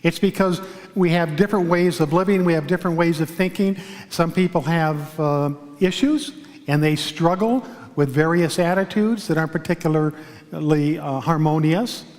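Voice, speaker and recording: A male pastor giving a sermon in a church, telling a story in a calm, measured way with pauses. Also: a little high, big-room sound. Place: large church sanctuary.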